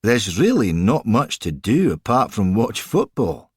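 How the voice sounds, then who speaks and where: A man voicing an old male football manager ghost with a Scottish accent, asking calm, puzzled questions. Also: on the low side, a little slow, breathy edge, no echo, studio quality, heavily acted.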